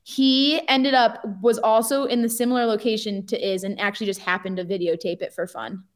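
A young woman, a pro skier, telling a story in a casual, animated way with lots of fillers and laughter. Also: fairly high pitch, brisk.

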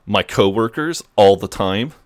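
A man's voice: fairly low pitch, expressive, unhurried, slight background noise. An American man co-hosting a podcast, telling anecdotes in an easygoing way with casual swearing. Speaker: podcast co-host. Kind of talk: casual chat.

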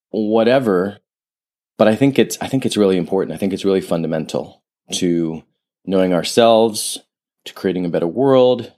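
A man's voice: deep voice, darkish tone. A man hosting a solo podcast, talking in a reflective, rambling way, drifting into tangents and restarting his sentences. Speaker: podcast host and author. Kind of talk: casual solo podcast monologue. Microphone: podcast studio microphone.

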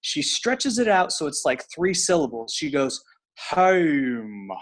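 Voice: medium pitch, sing-song, normal speed, slightly rough. Middle-aged interviewer, playful and jokey, chill chat vibe. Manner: friendly, playful, asks questions with laughs.

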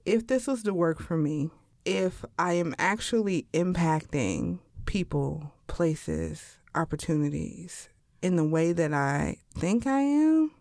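Slow-talking woman, animated storyteller. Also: no echo, clean studio sound. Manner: animated storyteller, acts out her own thoughts in high voices. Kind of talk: casual chat.

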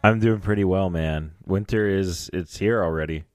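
Deep-voiced laid-back podcast co-host. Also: male voice, normal speed, clean tone, soft background music. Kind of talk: casual chat.

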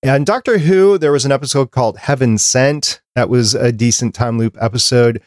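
Hosting a podcast, a man talks casually while going through a prepared list. His voice is mid-range and moderately paced, recorded cleanly in a studio with no room sound.

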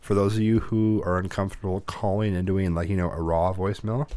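A man's voice: deep voice, little pitch movement, brisk, dark tone, no echo. Male podcast co-host, rambling and profane, dry close mic. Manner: rambling, profane, self-interrupting. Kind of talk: casual chat.

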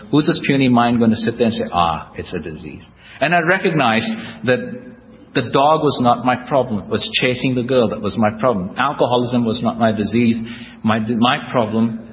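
A man with a mid-range voice delivers a humorous personal recovery talk at a convention, turning wry and self-deprecating as he tells his story. He's in a large hall before a live audience, captured on echoey, dull lo-fi tape with slight background noise.

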